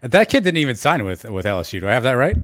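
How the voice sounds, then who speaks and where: Fast-talking man asking joking questions. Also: medium pitch, sing-song, no echo. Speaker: sports show host. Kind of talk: casual sports talk.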